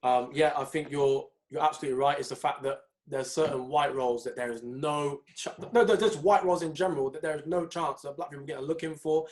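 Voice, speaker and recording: A man's voice: fairly high pitch, quick pace, hardly any pauses. A young man co-hosting a podcast, earnest and hesitant in casual chat. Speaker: podcast co-host.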